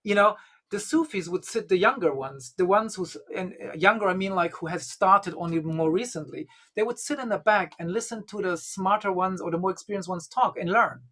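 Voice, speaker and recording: A man's voice: sits high, a little fast, fairly bright tone. A man, a guest and Gnostic bishop, telling a long anecdote in casual conversation, full of "you know" and "um". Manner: rambling, leans heavily on 'you know' and 'um'. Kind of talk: conversational storytelling.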